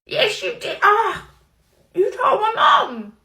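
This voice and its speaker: A woman's voice: very high voice, sing-song, moderate pace, creaky, bright, forceful tone, heavily acted. Woman playing an indignant young nursery nurse. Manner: indignant, protests with nervous laughs. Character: young female nursery nurse, defensive and exasperated. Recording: roomy echo, faint noise.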